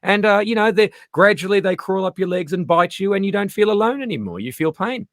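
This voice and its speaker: A man in casual interview chat, an animated storyteller who acts out the voices he quotes. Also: high-pitched, brisk, no room sound, clean studio sound. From Australia. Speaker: comedian guest.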